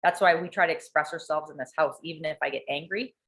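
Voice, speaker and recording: Woman, low-ish bright forceful voice, candid animated storyteller, swears. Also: quick pace. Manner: animated, swears freely, acts out quotes. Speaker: coaching client sharing a story.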